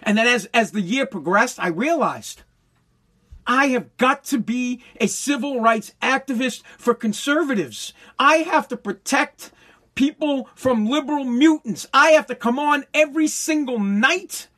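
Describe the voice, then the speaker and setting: A man's voice: extremely high pitch, unhurried, pushed and bright. A man hosting his own podcast from his basement, ranting in a heated, profane way with frequent stumbles and repeated words. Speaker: podcast host. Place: home basement.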